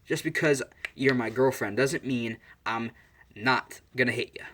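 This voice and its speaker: A man's voice: mid-range voice, a little slow, fairly bright tone, a little hiss or hum, close to an everyday voice. A man voicing a cocky young demon who jokes sarcastically. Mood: smug. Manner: smug and sarcastic.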